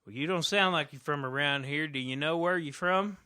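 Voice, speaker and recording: A man voicing a scraggly, wary middle-aged man from an alley, who talks nervously with quick restarts. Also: fairly high pitch, pushed and bright, clean tone, no room sound, studio quality. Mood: gruff.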